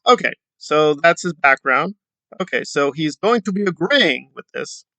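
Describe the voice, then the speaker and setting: A man's voice: on the high side, lively intonation, unhurried, creaky, sharp tone. A man giving casual, rambling commentary, hesitating often with fillers. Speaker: commentary YouTuber.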